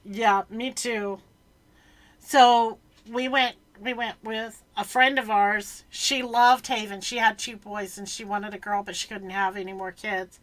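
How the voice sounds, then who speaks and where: A woman's voice: mid-range voice, fairly even intonation, a little slow, a bit bright. A woman hosting a casual chat, telling a story with plenty of ums as she goes. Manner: chatty storyteller, filler-heavy. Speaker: podcast host.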